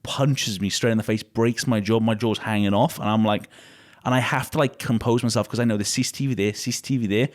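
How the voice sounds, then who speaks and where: A young British-raised man sits as a guest, telling his stories in loose, animated chat. His voice sits on the lower side, and he drops into quick retellings of what people said, laughing between lines. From United Kingdom. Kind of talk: casual interview chat.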